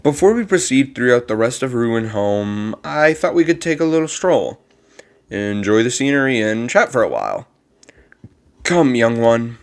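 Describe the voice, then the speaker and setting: Reading game dialogue aloud, a man voices a kindly old male monster who cares for a child, using a strained put-on voice from his mid-range register. He's very animated at normal speed with a smooth tone, and the character speaks gently, formally, and wistfully, prone to rambling.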